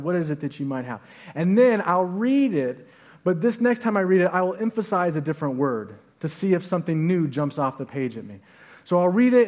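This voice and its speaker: A man's voice: a little high, a little mellow. A male pastor giving a sermon in a conversational way, leaning hard on stressed words. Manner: conversational preaching with emphatic stresses.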